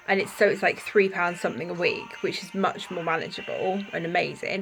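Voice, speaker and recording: A woman's voice: mid-range voice, a little fast, fairly bright tone, soft background music, poor audio. Emphatic woman vlogging. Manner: emphatic, indignant, apologetic asides. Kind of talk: casual vlog to camera.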